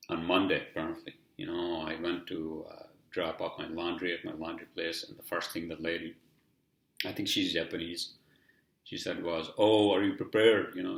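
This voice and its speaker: Podcast host, male, heavy accent, gravelly low voice, meandering profane monologue, roomy echo. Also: pushed and bright. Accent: heavy non-native English accent. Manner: rambling and profane, heavy on "you know" fillers. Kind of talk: casual solo podcast monologue.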